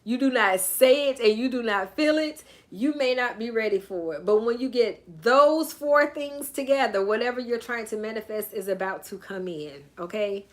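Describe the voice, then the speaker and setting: A woman's voice: a little high, normal speed, hardly any pauses. A woman with a Southern US accent, a life coach reading a book aloud on a live stream and chatting with viewers. She greets them by name and breaks into playful sing-song asides.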